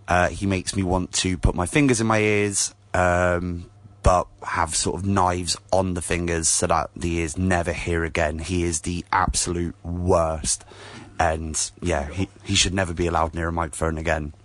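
A man's voice: low voice, level tone, moderate pace, a bit bright, no room sound. A man appearing as a guest contributor in casual chat. He has a dry, exaggerated sense of humor.

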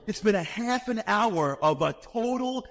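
Fast-talking New man telling stories. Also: high voice, in a large hall. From New York. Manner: fast-talking, animated, acts out reactions. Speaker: speaker telling a personal story. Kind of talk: humorous storytelling talk.

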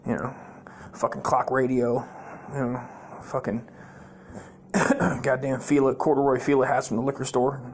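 A man's voice: mid-range voice, little pitch movement, moderate pace, slight background noise. A man hosting his own comedy podcast, telling profane, rambling stories full of fillers and restarts. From United States.

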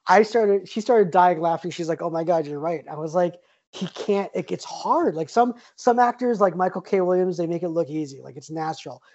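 A man's voice: high voice, moderate pace, darkish tone. A man co-hosting a podcast, telling joking stories in casual chat. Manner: chatty, joking storyteller. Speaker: podcast co-host. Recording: dull lo-fi sound.

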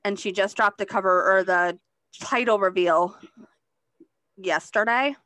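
The recording is dry, and this woman talks at a measured pace with a medium-pitched voice. As host of a book podcast, she keeps the conversation relaxed and chatty while eagerly discussing new releases.

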